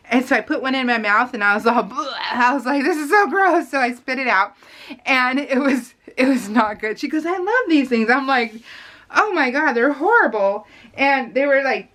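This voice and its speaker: A middle-aged woman chatting casually in a rambling, animated way, laughing often and using lots of fillers. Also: medium pitch. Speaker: scrapbooking vlogger.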